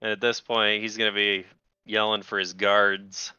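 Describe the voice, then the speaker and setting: A man narrating a tabletop game as game master, relaxed and a little hesitant, with fillers. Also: fairly low pitch, normal speed, clean tone, no room sound, lo-fi sound.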